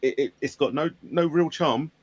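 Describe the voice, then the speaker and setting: A man's voice: fairly high pitch, normal speed. A man co-hosting a casual hobby podcast, blunt and joking with casual swearing. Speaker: podcast co-host. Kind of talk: casual chat.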